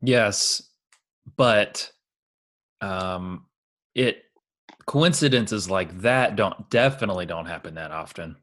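A man's voice: lowish voice, slow, pauses often, fairly bright tone. A man co-hosting a podcast, casually chatting with a playful, teasing manner and frequent laughter. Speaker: podcast co-host. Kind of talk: casual chat.

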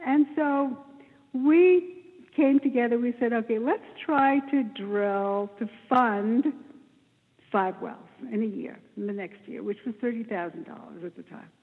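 A woman telling the story of her charity work in an interview, in an animated, emphatic way, often clearing her throat. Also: on the high side, measured pace. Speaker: interview guest, charity founder. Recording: tinny phone-like line with long reverb.

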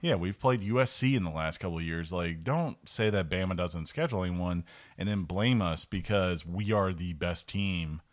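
A man co-hosting a podcast, chatting casually and animatedly about college football, often laughing and throwing in quick asides. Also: low-pitched. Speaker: podcast co-host. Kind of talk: casual sports chat. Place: here in Atlanta.

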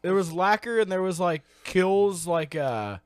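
A man's voice: sits high, animated, unhurried, clear, resonant tone, no room sound. A man co-hosting a podcast in casual chat about a movie, tossing out wisecracks and silly asides. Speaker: podcast co-host.

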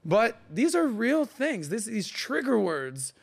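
A man's voice: high-pitched, slow pace, vocal fry, slightly rough. A man in his forties hosting a podcast, chatting casually and acting out voices as he tells stories. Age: 40s. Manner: animated storyteller who acts out accents and voices. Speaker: podcast host. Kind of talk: casual chat.

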